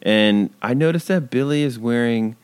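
A man's voice: mid-range voice, normal speed, smooth. A man chatting on a recap podcast who breaks down the plot with blunt wisecracks. He swears freely and keeps an offhand tone. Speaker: podcast co-host. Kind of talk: casual TV recap chat.

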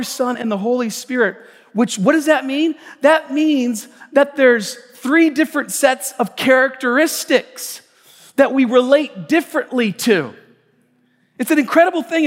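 An American man preaches in a lively, conversational way, stumbling over repeated words as he builds his points. His voice sits fairly high. The sound carries a long church-hall reverb, with instrumental music playing underneath. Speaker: pastor. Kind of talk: sermon. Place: church sanctuary. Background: soft instrumental music.

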